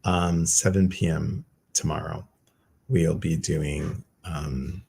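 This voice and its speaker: A man's voice: rumbling low, fairly even intonation, takes it slowly, creaky, darkish tone, husky. A man hosting a meditation group livestream, giving casual, chatty announcements with a loose, self-teasing manner.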